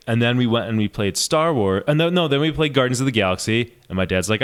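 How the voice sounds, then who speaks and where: A man co-hosting a casual podcast, telling animated stories and laughing as he goes. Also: medium pitch, normal speed, clear, resonant tone. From New York State. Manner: animated storyteller, laughs through his stories. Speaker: podcast co-host.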